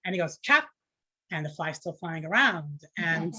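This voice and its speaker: A woman's voice: sits low, moderate pace, pushed and bright, slightly rough. A woman teaching an informal class, chatty and conversational, with many fillers and restarts.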